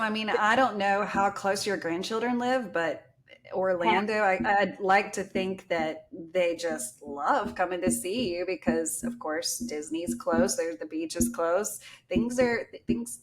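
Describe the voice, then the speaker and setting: Southern woman, podcast host, chatty and laughing, mid-pitched. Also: unhurried. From Texas. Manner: chatty, laughs often, says y'all. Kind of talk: casual podcast chat.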